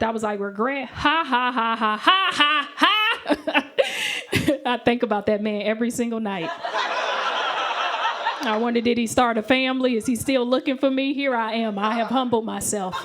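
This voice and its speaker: A young woman performing a stand-up comedy set, animated and acting out the voices of the people in her stories. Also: fairly high pitch. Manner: animated, acts out voices of men and friends. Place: comedy stage. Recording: live show with audience laughter.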